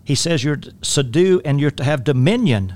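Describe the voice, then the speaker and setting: A man's voice: a little high, animated, normal speed, darkish tone. A man with a Southern drawl hosting a faith-based talk radio show as a life coach, folksy and rambling, with many fillers and restarts.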